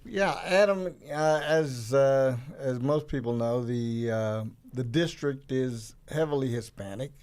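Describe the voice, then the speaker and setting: A man's voice: mid-range voice, unhurried, hardly any pauses, darkish tone, clean tone. A man co-hosting in a radio studio, asking a question hesitantly with many fillers. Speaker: guest co-host. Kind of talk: radio panel discussion.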